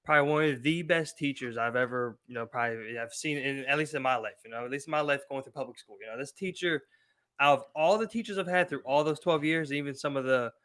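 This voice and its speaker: A man's voice: medium pitch, fast, fairly bright tone. A man co-hosting a podcast in casual chat, reminiscing earnestly and filling his talk with "you know" and "man.". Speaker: podcast co-host.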